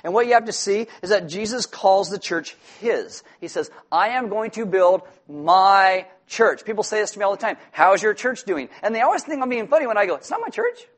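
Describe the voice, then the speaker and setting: A man with a high voice preaches a sermon with lively energy. He steps out of his message now and then to joke with the congregation before going back to the point. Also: fairly quick, hardly any pauses. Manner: animated, joking asides to the congregation. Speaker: pastor.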